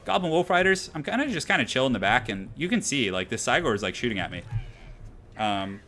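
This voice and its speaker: A young man streaming a strategy game, giving excitable, slangy live commentary and talking straight to his chat. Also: mid-range voice, brisk.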